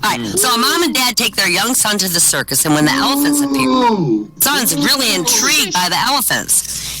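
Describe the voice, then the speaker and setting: A man's voice: high-pitched, very animated, a little fast, a crowd in the background, poor audio. A man telling stand-up jokes at an open-mic show over online voice chat, chuckling at his own punchlines.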